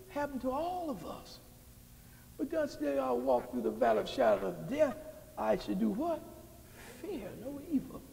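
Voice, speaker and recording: A man preaching a sermon as pastor, calling out questions to the congregation and building to shouts. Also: sits high, gravelly. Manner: call-and-response preaching, rising to shouts. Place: church sanctuary. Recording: long hall reverb.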